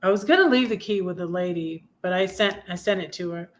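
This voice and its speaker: Brisk and on the low side, this woman in her fifties runs a livestream where she shares personal stories in a wandering, intimate style, frequently correcting herself along the way.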